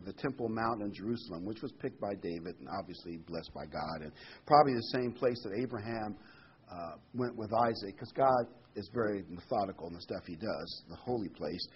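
Husky man teaching scripture verse by verse. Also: medium pitch, dull audio. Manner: reads scripture slowly and emphatically, then explains casually. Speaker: preacher.

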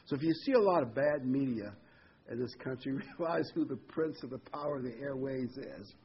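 A man's voice: mid-range voice, animated, brisk, dull audio, slight background noise. A man preaching a folksy, rambling sermon full of homely examples and corny jokes.

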